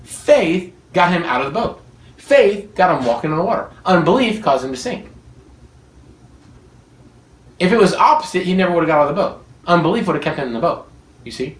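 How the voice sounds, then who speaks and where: A preacher giving a sermon to a room of listeners, animated and often laughing while acting out quoted dialogue. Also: mid-range voice, fast talker. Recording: echoey room, mic at a distance.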